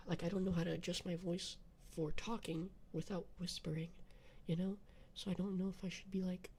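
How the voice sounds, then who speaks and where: A young man chatting with viewers on a live ASMR stream, rambling with many fillers and switching between whispering and soft talk. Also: high voice, fairly even intonation, moderate pace, a little hiss or hum.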